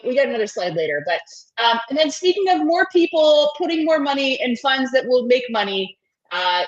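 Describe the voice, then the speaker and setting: A woman's voice: mid-range voice, a bit bright. A woman co-hosting a casual chat, chatty and irreverent, swearing and laughing often, heard over a video call. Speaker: co-host. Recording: dull lo-fi call audio.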